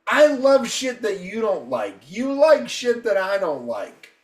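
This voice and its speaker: A high-voiced man about to turn fifty-one tears into a heated, foul-mouthed rant on a casual podcast. He sounds a little distant from the mic, and the room rings with a clear echo around him. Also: wildly swooping pitch, slow pace. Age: 50s. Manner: profane, combative, heated ranting. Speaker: podcast co-host.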